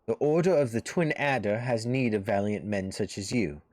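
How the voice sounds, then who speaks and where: An earnest male officer of a forest order, done by a man reading a game aloud. He rallies in a solemn, lowish voice. The recording is dry and close. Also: expressive, moderate pace, a little mellow, dry recording, natural voice. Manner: solemn, rallying.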